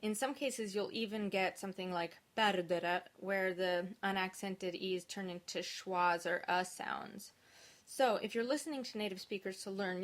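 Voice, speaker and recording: A woman teaching diction to singers in a video lesson, explaining rules in a clear, methodical way as a native English speaker. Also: medium pitch. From English-speaking country.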